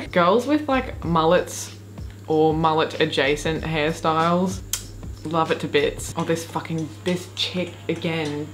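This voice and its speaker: Female YouTuber, Australian accent, lower voice, excitable and sweary reaction commentary, faint background music. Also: takes it slowly. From far North Queensland, Australia.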